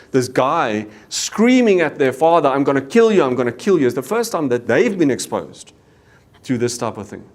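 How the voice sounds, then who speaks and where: A middle-aged South African man giving an earnest leadership talk, telling a personal story to make a point. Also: mid-range voice. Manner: earnest storytelling with Afrikaans exclamations. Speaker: business leader.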